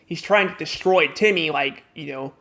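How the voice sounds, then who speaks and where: A man casually reviewing a cartoon episode off the cuff, rambling and halting, restarting his sentences and repeating words. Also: on the high side, pushed and bright.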